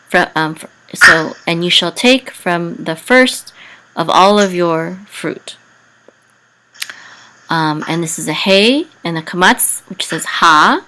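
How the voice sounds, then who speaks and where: A woman teaching biblical Hebrew reading, carefully spelling out letters and vowel sounds with frequent pauses. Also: lowish voice, bright, forceful tone, low-quality recording. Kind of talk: slow explanatory lesson.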